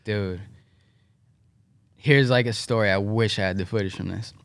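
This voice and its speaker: Chill young guy, kinda low voice, slangy, dry close mic. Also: normal speed, vocal fry, dry recording. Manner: laid-back, slangy, quiet backchannels. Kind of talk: casual chat.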